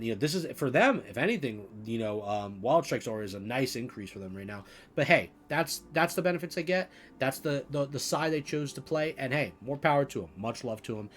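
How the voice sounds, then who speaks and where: A man talking through game class changes in a loose, rambling way, full of "you know" fillers and restarts. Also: mid-range voice. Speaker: gaming video creator. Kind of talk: casual commentary to camera.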